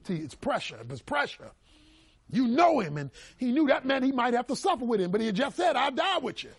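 Middle-aged male preacher, raised husky delivery, dramatic swings in volume. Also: very high voice, big pitch swings, brisk, no echo. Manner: emphatic, swings between loud cries and hushed asides. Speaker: pastor. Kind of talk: preaching a sermon.

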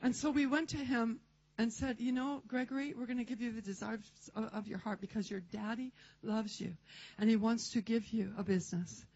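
A woman preaching a testimony, telling stories in an animated way and acting out the voices of the people in them. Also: a little high, fairly quick, no room sound. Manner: animated storytelling, acts out voices and laughs. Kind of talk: testimony sermon. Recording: dull lo-fi recording.

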